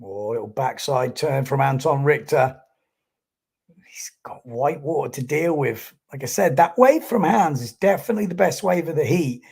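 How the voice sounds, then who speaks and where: Man commentating live sport, chatty, gravelly and husky, slightly high voice. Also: darkish tone. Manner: chatty, reads out viewer comments.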